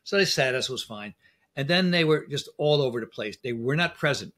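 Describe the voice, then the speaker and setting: A man's voice: mid-range voice, expressive, fairly quick, fairly bright tone. A middle-aged man, a dental specialist, chatting as an interview guest and telling stories with acted-out exchanges. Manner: anecdotal, speaks in quoted exchanges. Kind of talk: casual interview talk.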